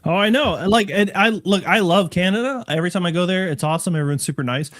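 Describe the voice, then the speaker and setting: A man co-hosting a casual pilot chat show, rambling excitedly through complaints with lots of restarts. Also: high voice, quick pace. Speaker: co-host, airline pilot.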